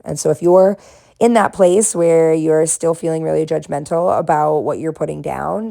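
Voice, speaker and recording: A woman, possibly in her thirties, from the Boston area with a faint Boston accent, talks gently and encouragingly about her art while she paints, laughing at herself now and then. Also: low voice, creaky. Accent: faint Boston, mostly smoothed out. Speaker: art vlogger and therapist. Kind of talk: casual reflective talk while painting.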